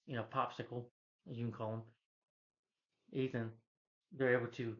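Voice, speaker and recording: A man casually retelling a movie plot in a loose, rambling way, filling gaps with "you know" and "he's like". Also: mid-range voice. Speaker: film reviewer. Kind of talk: casual spoken movie recap. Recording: slightly dull lo-fi recording.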